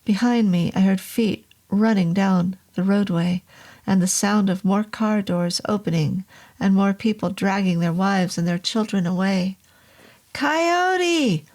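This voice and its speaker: A woman reads a horror novel aloud at a slow, deliberate pace. Her mid-pitched voice has a gravelly, vocal-fry texture. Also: fairly even intonation, warm tone. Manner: slow, measured reading. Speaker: narrator. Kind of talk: audiobook horror narration.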